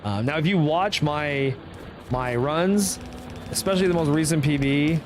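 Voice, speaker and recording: A man's voice: a little high, unhurried, background noise. A young man with a Canadian accent, casually explaining his moves as he plays through a live game guide. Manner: casual, explanatory, thinking aloud. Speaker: speedrunner streamer. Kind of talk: live commentary over gameplay.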